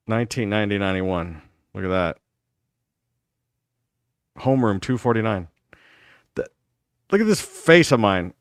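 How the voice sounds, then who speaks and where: A man's voice: fairly low pitch, normal speed, long pauses, smooth, no room sound, clean studio sound. A man in his fifties from Texas, hosting a live talk show and animatedly telling school stories to a caller. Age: 50s. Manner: animated, reminiscing storyteller.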